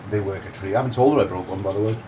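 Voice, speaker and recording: A man's voice: fairly low pitch, racing, background noise. A man giving a casual, cheeky and crude cooking demonstration in his home kitchen. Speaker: home cook.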